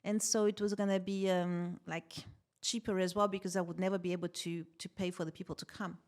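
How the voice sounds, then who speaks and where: Lively woman telling a story. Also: lowish voice, a little fast. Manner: animated, laughs often while telling stories. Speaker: podcast guest, tech founder. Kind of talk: casual interview storytelling.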